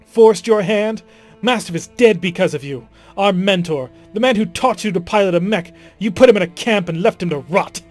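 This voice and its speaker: A man reading the lines of a stern, wronged young noblewoman, earnest and building to forceful declarations. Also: fairly high pitch, fairly quick, faint music behind, close to an everyday voice. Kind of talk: dramatic reading of game dialogue.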